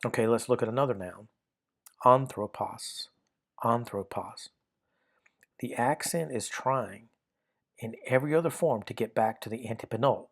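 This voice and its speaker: A man explaining grammar rules one example at a time. His voice sits at an ordinary middle pitch. He works methodically, circling back and repeating phrases as he checks each form. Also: brisk. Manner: methodical, repeats and restarts while pointing at examples. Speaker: Greek grammar teacher.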